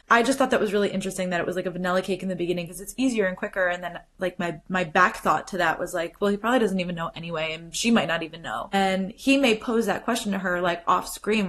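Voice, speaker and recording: A woman hosting a podcast, talking casually and animatedly, retelling scenes with quoted lines and frequent "like" fillers. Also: on the low side. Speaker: podcast host. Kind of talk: casual solo commentary.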